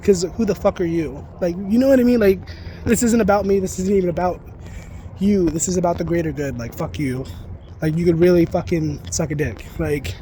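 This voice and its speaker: Man, high voice, mellow tone, heated profane rambling rant, casual vlog, outdoors. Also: a little hiss or hum. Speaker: psychic reader and spiritual content creator. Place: outdoors near geese.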